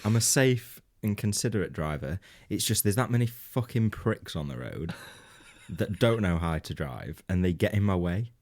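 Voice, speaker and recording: A man's voice: on the low side, expressive, moderate pace, few pauses, darkish tone. A man co-hosting a comedy podcast, telling a rambling anecdote in casual banter, laughing often and swearing freely. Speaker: podcast co-host.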